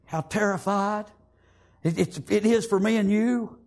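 Preacher guy, high gravelly voice, fervent, goes loud then real hushed. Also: measured pace. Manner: fervent call-and-response preaching, swinging between loud and hushed. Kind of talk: sermon.

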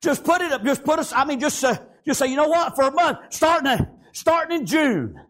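A man preaching a fervent sermon, constantly breaking in with "amen" and "praise God" and rising into shouts. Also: very high voice, big pitch swings, a little fast.

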